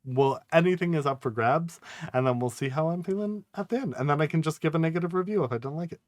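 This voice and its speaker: A man's voice: on the high side, fast talker, no echo. Guy cohost chatting about a book, lots of ums, dry sound. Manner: hesitant, many fillers, soft laughs. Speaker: podcast co-host. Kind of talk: casual book-club chat.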